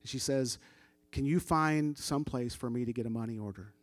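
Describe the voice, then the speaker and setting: A man's voice: mid-range voice, normal speed, no room sound. A middle-aged man telling a story as a church testimony, casual and conversational, acting out the dialogue of the people he quotes. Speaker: church member giving testimony.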